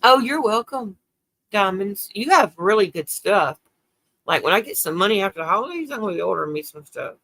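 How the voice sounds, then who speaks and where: Older woman hosting her own livestream, gravelly and bright, emotional and chatty. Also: medium pitch, lively intonation, fairly quick. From South Carolina. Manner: emotional, tearful, reads and answers viewer comments. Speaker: livestream host. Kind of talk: casual livestream chat.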